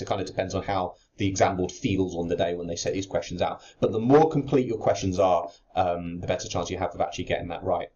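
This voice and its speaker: A man with a deep, darkish voice leads an exam-prep chemistry lesson, writing out a worked answer as he goes. His step-by-step explanation comes with fillers and restarts, and the lo-fi audio is a little dull.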